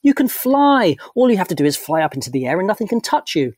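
A man voicing an energetic, boastful young boy in a storybook reading. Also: fairly high pitch, fast, dry recording, clean studio sound, lightly acted. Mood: confident. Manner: eager and raised.

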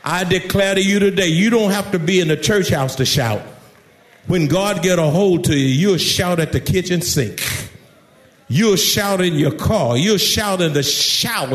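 A male pastor preaching a sermon in a church, shouting at times and dropping to quiet asides. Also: high voice, unhurried. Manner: preaching with shouts, swinging loud and soft.

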